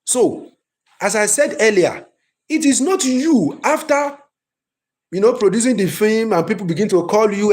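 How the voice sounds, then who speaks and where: Man, high-pitched, lively repetitive teacher on a stream. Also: unhurried. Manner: lively, emphatic, repeats himself. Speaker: film writing teacher. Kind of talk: live-streamed class.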